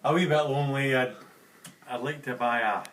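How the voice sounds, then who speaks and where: A man's voice: medium pitch, moderate pace, a bit bright, a little hiss or hum, close to an everyday voice. A man doing a lonely budgie buyer. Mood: pleading. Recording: roomy and distant home video.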